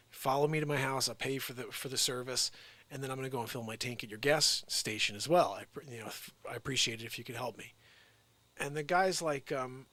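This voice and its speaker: Man telling an animated story. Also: medium pitch, no room sound. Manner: animated retelling with quoted dialogue. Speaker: show host. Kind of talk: casual storytelling.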